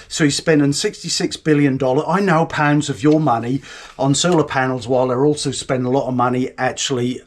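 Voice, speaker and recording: A British man hosting his own news channel from home, ranting bluntly and casually, swearing and rambling as he explains things. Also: medium pitch. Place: home, indoors.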